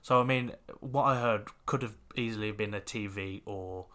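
A man's voice: fairly low pitch, normal speed, bright, forceful tone. A man co-hosting a podcast, telling a rambling story full of fillers in casual chat. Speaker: podcast co-host.

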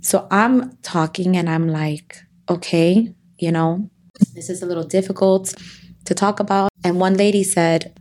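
A woman's voice: fairly low pitch, fairly even intonation, measured pace, darkish tone. A woman in her thirties, a podcast guest speaking earnestly and openly in a heartfelt conversation, often restarting her sentences.

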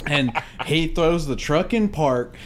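Male co-host; rambling, cussing storyteller, a bit higher pitched. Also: expressive, slow, a little hiss or hum. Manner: profane, laughing, rambling storyteller. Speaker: podcast co-host. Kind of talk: casual storytelling chat.

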